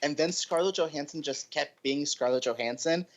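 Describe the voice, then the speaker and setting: A woman's voice: sits low, normal speed. A woman co-hosting a casual podcast chat, blunt and jokey. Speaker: podcast co-host.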